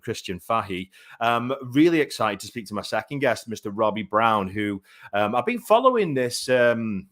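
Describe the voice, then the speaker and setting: A man's voice: medium pitch, a bit bright. A man in his thirties hosting a live boxing talk show, chatty and rambling with many fillers. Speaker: boxing show host and commentator.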